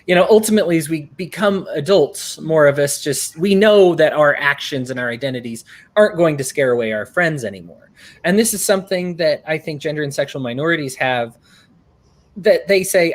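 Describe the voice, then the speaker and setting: A man's voice: fairly high pitch, a little fast. A man hosting an interview, earnest and rambling, with frequent restarts. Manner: earnest, rambling, often acts out quotes. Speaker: host.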